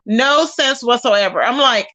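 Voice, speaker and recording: Sassy high-voiced woman dishing gossip. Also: unhurried, pushed and bright. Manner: sassy, emphatic, talks straight to viewers. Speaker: channel host. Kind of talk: casual gossip commentary.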